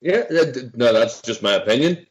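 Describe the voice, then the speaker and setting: A Northern Irish man joining a podcast over a video call, offering measured opinions and correcting the word choice of others. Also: medium pitch, animated. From Northern Ireland. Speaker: podcast guest. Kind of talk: casual chat among old friends.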